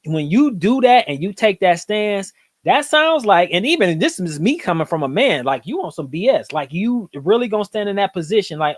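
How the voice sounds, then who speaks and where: Brief: male live-stream host, slightly high voice, rambling casual reactions, dry close sound. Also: moderate pace, no room sound. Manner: rambling and animated, many fillers.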